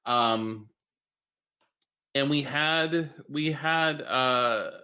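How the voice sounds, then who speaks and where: A man co-hosting a gaming podcast in casual chat, measured and thoughtful, with the odd blunt jab. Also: mid-range voice, pushed and bright, clean tone. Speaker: podcast co-host.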